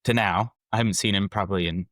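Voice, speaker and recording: Low-voiced animated male podcast host. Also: fast, no room sound, studio quality. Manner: animated storyteller who acts out quoted dialogue. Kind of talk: casual conversational interview.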